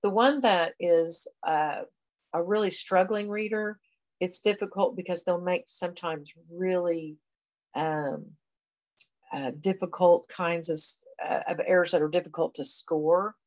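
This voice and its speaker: A woman's voice: on the low side, a little slow, dry recording, poor audio. A woman education professor giving a conversational recorded lecture, explaining things step by step with frequent fillers. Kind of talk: recorded lecture walking through a reading assessment.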